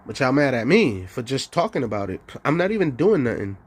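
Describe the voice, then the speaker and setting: A man's voice: medium pitch, big pitch swings, fairly quick, husky. A man ranting on a livestream, heated and profane, laughing between lines. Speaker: livestream host.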